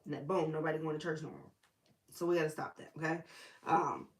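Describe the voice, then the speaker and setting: A woman's voice: low voice, steady tone, fairly quick, roomy sound. A woman preacher, teaching the Bible in a casual, chatty way with sassy asides.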